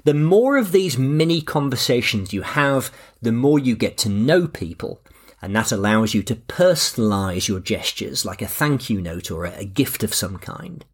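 A man hosting a podcast. He speaks in a relaxed, anecdotal and self-deprecating way. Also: mid-range voice, moderate pace, breathy edge. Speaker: podcast host. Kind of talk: scripted podcast narration.

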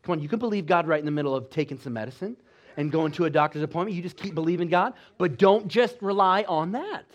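Exhorting male preacher, fairly high voice. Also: fast, highs cut off. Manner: exhorting, with call-and-response asides; swings between loud emphasis and quiet, low delivery. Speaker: pastor. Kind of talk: sermon.

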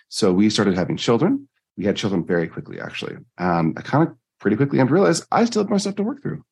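A man, a life coach, telling personal stories in an earnest, animated interview style. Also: slightly rough. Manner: earnest, animated storytelling with jumps in pitch. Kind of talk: conversational interview storytelling.

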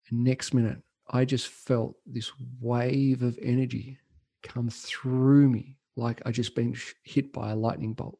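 A man shares his story as a podcast guest in a mellow, warm voice. He talks in an earnest, heartfelt way and pauses to reflect. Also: mid-range voice, fairly even intonation. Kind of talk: storytelling interview.

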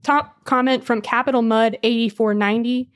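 A woman's voice: on the high side, fairly even intonation, normal speed. A woman co-hosting a podcast, chatting casually in a blunt, sardonic way. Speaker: podcast co-host. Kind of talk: casual chat.

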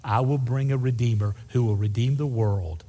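A man's voice: medium pitch, moderate pace, warm tone. A man preaching a sermon, reading scripture and acting out the voices with casual asides. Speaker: pastor. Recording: long hall reverb.

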